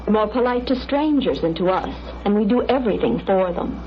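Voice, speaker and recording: A woman's voice: mid-range voice, expressive, brisk, close to an everyday voice. A sneering, self-righteous social worker from an old educational film lectures in clipped, contemptuous tones, played by a woman. The sound is dull and muffled, like a worn film soundtrack, with a faint hiss underneath. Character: scornful bigoted female social worker, middle-aged.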